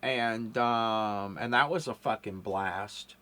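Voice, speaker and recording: A man's voice: lowish voice, takes it slowly, sharp tone, slight background noise. Rambling, profane man hosting a podcast. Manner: rambling, profane, lots of fillers. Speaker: podcast host. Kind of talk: casual profane interview chat.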